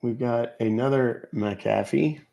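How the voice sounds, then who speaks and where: A man's voice: mid-range voice, slow pace, vocal fry, mellow, highs cut off. A man hosting a live stream where he calls scammers, telling stories and joking between calls. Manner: joking storyteller, laughs at his own jokes. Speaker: livestream host calling scammers. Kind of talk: casual live-stream chat.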